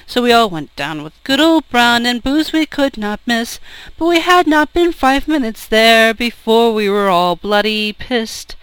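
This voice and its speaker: A woman sings a comic folk drinking song with a rowdy storytelling delivery and acts out the characters' lines along the way. Her voice sits fairly high and rings smooth and clear. The sound is dry and close. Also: a little slow, a bit bright, dry recording, rough recording.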